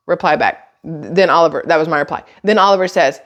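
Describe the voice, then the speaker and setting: A woman's voice: low voice, brisk, few pauses, fairly bright tone. A woman telling a story to her viewers in a casual, exasperated, sarcastic tone, swearing now and then. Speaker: YouTuber.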